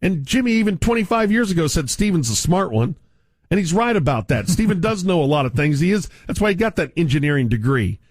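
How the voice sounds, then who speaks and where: A man's voice: fairly high pitch, sing-song, brisk, no room sound. A middle-aged man, a sports radio host delivering a furious, sarcastic rant from a studio microphone.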